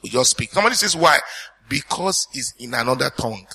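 A man's voice: mid-range voice, animated, a little fast, vocal fry, sharp tone, husky. A man preaching a sermon as pastor, teaching earnestly and putting questions to the congregation.

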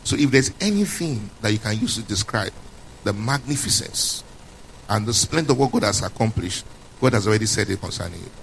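A man's voice: fairly low pitch, animated, a little fast, gravelly, a little hiss or hum, low-quality recording. A man preaching a sermon who stresses his points, repeats them, and asks his listeners questions as he goes. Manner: emphatic, repeats key points, quizzes listeners. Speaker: pastor.

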